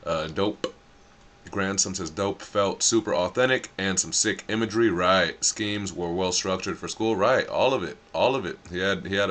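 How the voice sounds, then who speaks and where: A man's voice: sits low, normal speed, a bit bright. A man hosting a livestream in a casual, joking way, reading viewer captions aloud and swearing freely. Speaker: livestream host.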